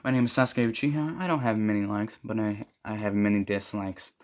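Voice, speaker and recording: A man's voice: lowish voice, fairly even intonation, a little mellow, close to an everyday voice. A man putting on a brooding teen boy in a clumsy Australian accent. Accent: put-on Australian. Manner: deliberately terrible accent.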